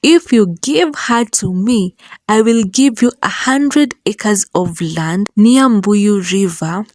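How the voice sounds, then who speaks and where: A man's voice: high voice, takes it slowly, no room sound. Woman voicing a menacing rich old man. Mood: coaxing. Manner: commanding, threatening.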